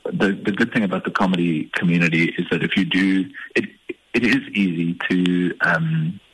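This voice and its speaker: A man from the Eastern Cape, a stand-up comedian talking in a relaxed, hesitant, self-deprecating way in a radio interview. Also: deep voice, normal speed, husky, dry recording, rough recording. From Eastern Cape, South Africa. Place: radio studio.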